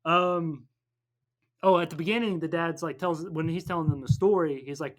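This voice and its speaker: A man on a podcast casually recapping a film, rambling and jokey, tossing in quick snatches of character voices. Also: a little high, a bit bright. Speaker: podcast co-host.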